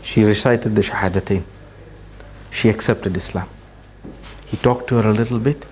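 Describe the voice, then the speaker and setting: A man giving a talk to an audience, telling a story at an unhurried pace and dropping his voice to near-quiet at emotional moments. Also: on the low side, steady tone, slight background noise. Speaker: speaker at a training session.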